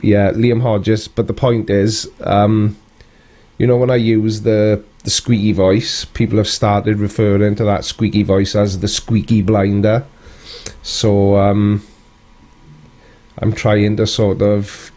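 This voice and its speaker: Low and warm, this British man's voice carries a relaxed live stream of loose, casual chat. He greets viewers and responds to their comments with a dry, wry edge.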